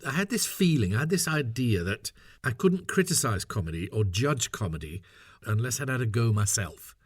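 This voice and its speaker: A man's voice: mid-range voice, big pitch swings, moderate pace, husky, no room sound, studio quality. A middle-aged man telling stories in a casual interview, chatty and self-mocking, laughing often. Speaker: interview guest, voice actor. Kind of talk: casual anecdotal interview talk.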